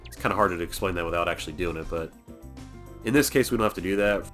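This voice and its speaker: A man with a low voice talks casually over his gameplay as a let's play host. He rambles and pokes fun at himself in a chatty way. Faint music plays underneath. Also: quick pace, a bit bright. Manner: rambling, self-deprecating, chatty. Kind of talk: casual game commentary.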